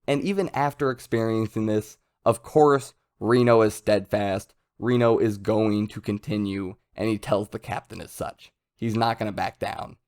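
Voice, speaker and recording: A young man talking casually and enthusiastically as he reviews a manga chapter. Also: fairly low pitch. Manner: enthusiastic, conversational, loud jumps when excited.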